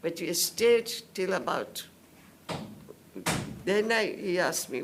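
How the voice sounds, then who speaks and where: An older woman from India giving spoken testimony at a public hearing, telling her story slowly and in detail and acting out what others said. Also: fairly low pitch, animated, background noise. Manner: slow, detailed storytelling that acts out others' words.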